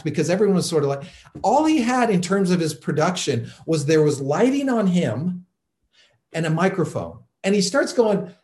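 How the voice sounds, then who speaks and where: Storytelling male pastor preaching. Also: a little high. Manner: storytelling, animated, many fillers. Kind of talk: sermon.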